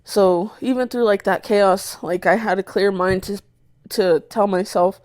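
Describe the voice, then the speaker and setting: A young woman co-hosting a podcast, telling a story in a casual, animated way, swearing often and acting out her own shouts. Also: medium pitch, measured pace, no echo, studio quality. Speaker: podcast co-host.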